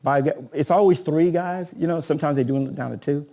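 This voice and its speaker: Coaching man with a mellow, higher voice. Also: fairly quick, few pauses. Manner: rhetorical, keeps asking "right?"; acts out agent-seller dialogues. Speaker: real estate coach. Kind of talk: live seminar teaching.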